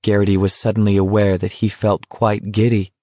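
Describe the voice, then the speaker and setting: A man narrates a novel in a steady, measured way. His voice is low-pitched. The recording is dry and close, with no room sound. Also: no room sound. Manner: measured, even storytelling. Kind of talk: audiobook narration.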